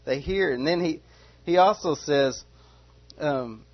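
A man with a slightly high voice teaches scripture verse by verse, earnest and repetitive, with frequent rhetorical questions. The recording sounds dull and lo-fi. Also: slow pace, husky. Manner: earnest, repeats and restarts phrases, asks rhetorical questions. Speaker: Bible teacher.

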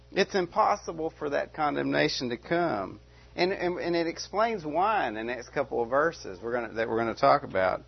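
Emphatic preacher man, lo-fi recording. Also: creaky. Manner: emphatic, repeats key words, rising pitch on questions. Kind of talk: sermon. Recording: dull lo-fi recording.

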